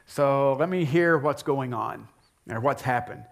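A man's voice: medium pitch, a little slow, vocal fry. A man voicing an impulsive ancient king in a retold story, speaking in an exclaiming way. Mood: musing.

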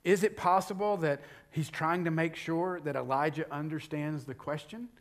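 A middle-aged man delivering a sermon in a voice a touch higher than usual. He builds in volume on the key points and drops to a near whisper to stress a question. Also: fairly even intonation, moderate pace. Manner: dynamic preaching, swelling louder on key points, dropping to a whisper for emphasis. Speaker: pastor.

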